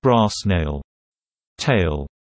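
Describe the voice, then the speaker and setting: A man reading slang terms and their meanings in a measured, deliberate teaching delivery. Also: low-pitched, animated, no echo. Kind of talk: slow explanatory reading of word pairs.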